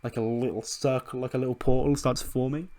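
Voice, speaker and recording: A man casually narrating his wrestling management game at a middling pitch. He rambles loosely, drops in fillers, and swears freely as he goes. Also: steady tone, brisk, mellow. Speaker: let's play creator.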